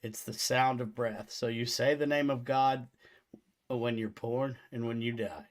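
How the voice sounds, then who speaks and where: A man hosts a casual podcast in a chatty, animated way and laughs easily. His voice sits at an ordinary mid pitch. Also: unhurried.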